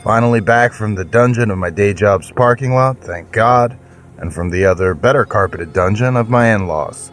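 A man's voice: lowish voice, moderate pace, faint music behind. Playful theatrical male podcast host. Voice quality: theatrical, jokey, mock-grand self-introduction. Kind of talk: playful scripted intro with mock fantasy banter.

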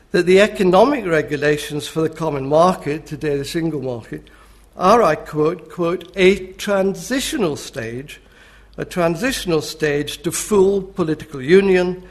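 An older man, a history professor, giving a public lecture in a dry, measured, ironic manner. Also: on the high side.

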